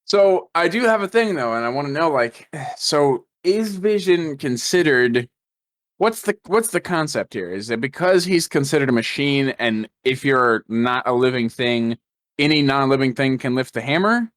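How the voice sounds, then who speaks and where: A man's voice: mid-range voice, expressive, normal speed, fairly bright tone. A man co-hosting a podcast, chatting casually and often questioning plot details with a laugh. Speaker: podcast co-host. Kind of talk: casual movie discussion.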